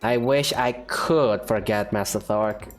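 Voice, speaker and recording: A man reading the lines of a sarcastic, gloomy spaceship computer from a game, in a dry deadpan way. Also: lowish voice, slow pace, faint music behind, voice pushed down. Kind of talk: reading game dialogue aloud.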